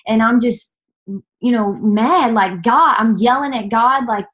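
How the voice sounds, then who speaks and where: Earnest woman, fairly high voice. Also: a bit bright. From Nashville, Tennessee. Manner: earnest, halting, many fillers and restarts. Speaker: person giving a testimony. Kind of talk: personal testimony storytelling.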